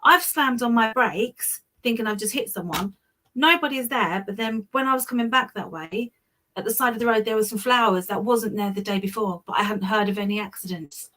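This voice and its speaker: Chatty Southern English woman, higher voice. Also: fairly quick. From Hemel Hempstead, England. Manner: chatty, self-deprecating, animated storyteller. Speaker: guest. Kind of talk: casual storytelling chat.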